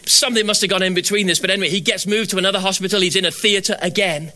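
A middle-aged man preaching a sermon. He builds to fervent, high exhortation, then drops to quiet storytelling. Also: fairly even intonation, very fast.

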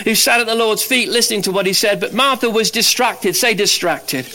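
A man preaching a sermon as pastor, animated, swinging from loud emphatic lines to low quiet ones. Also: fairly quick.

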